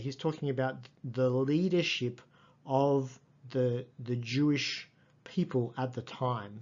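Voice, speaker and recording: A man lecturing on a text, reading passages slowly and carefully and explaining them as he goes. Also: medium pitch, muffled recording. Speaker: Greek lecturer.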